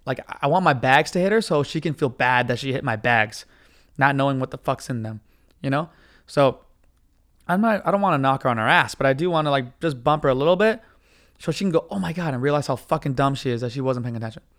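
A young man hosting a podcast, telling a profane, animated story in a ranting casual monologue. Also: fairly high pitch. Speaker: podcast host.

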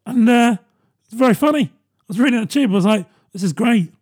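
A man's voice: extremely high pitch, animated, fairly quick, a little mellow, slightly rough. A British man in his thirties, rambling and self-mocking in a casual comedic monologue, laughing often. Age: 30s.

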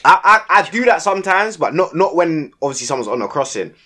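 A young man, telling a story in casual podcast chat and acting out his own shouted lines with lots of slang. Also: a little high, sing-song, fast. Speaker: podcast co-host.

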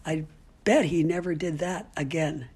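An older woman with a husky, slightly breathy voice speaks as an interviewee. She tells stories in a candid, outspoken way. Her talk is full of ums and restarts. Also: sits low, a little slow, a little mellow. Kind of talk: casual storytelling.

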